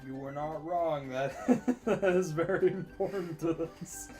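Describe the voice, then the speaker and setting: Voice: mid-range voice, a little slow, warm tone, soft background music. A podcast co-host in casual chat who laughs often and swears.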